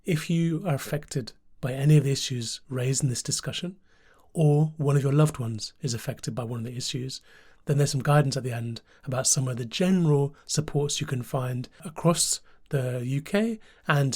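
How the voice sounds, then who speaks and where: A man hosting a podcast, introducing the episode and interviewing a guest in a calm, reassuring way. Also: mid-range voice, moderate pace, husky. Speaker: podcast host.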